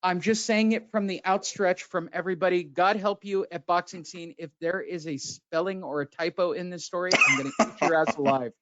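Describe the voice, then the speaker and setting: Ranting high-voiced male podcast host. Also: steady tone, a little fast, few pauses, fairly bright tone. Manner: ranting, sarcastic, heavy swearing. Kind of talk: profane casual boxing chat. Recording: dull lo-fi sound.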